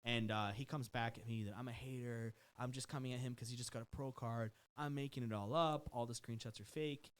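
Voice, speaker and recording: A man's voice: mid-range voice, fairly even intonation, a little fast, hardly any pauses, clean tone. A man on a podcast telling a long story in a casual, profane way, often mimicking the people in it. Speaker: guest, personal trainer. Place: podcast studio.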